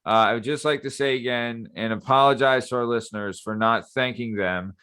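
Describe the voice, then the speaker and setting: A man's voice: medium pitch, fairly quick, pushed and bright, clear, resonant tone, no room sound, clean studio sound. Easygoing male podcast host. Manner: loose, swears freely, laughs along. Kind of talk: casual podcast banter.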